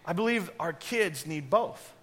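A man delivers a sermon with earnest directness, now and then slipping into an offhand aside. His voice sits high for a man and rings bright and forceful. He speaks plainly to the people in front of him. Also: lively intonation, measured pace, breathy edge. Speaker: pastor.

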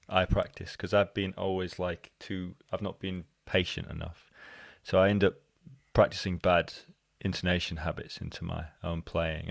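A man chats as a podcast host, his voice sitting a little low. He talks in rambling, self-correcting sentences and keeps acting out his own thoughts. The recording is dry, with no room sound. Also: creaky, dry recording. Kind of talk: casual conversation.

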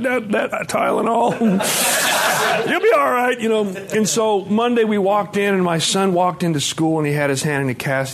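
A man's voice: medium pitch, noisy background. A middle-aged man from Montana giving a candid personal testimony at a recovery conference, blunt and profane, acting out the dialogue as he tells it. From Montana, USA.

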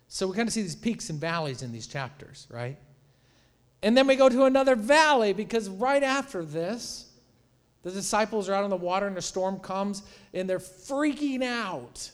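A man preaching a sermon in a conversational, animated way, retelling stories and acting out quotes. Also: high-pitched, normal speed, in a large hall. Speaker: pastor.

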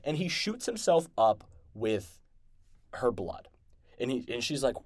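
A man hosting a podcast, excitedly recapping and reviewing an episode in a rambling, casual way with many restarts. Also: medium pitch, measured pace, no echo. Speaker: podcast host.

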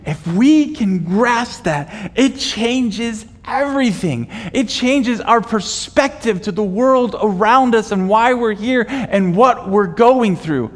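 A man with a high, unhurried voice preaches a sermon in a church sanctuary. He moves from hushed, measured lines to loud, rising emphasis and has the congregation repeat phrases after him. A long reverb from the big room trails behind every phrase. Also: lively intonation. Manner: preaching with swells from quiet to loud, leading the congregation in responses. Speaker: pastor. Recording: long reverb of a large hall.

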